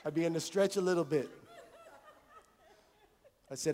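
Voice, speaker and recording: A man's voice: on the high side, a little fast, long pauses, a little mellow, big-room sound. A male pastor preaching a conversational sermon to his congregation, repeating phrases and acting out little dialogues. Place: church sanctuary.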